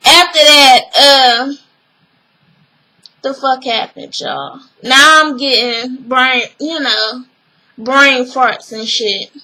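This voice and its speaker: Bright high-voiced young woman recapping. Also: takes it slowly, low-quality recording. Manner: animated retelling, acting out quotes, swearing. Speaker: TV episode recapper. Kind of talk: casual episode recap vlog.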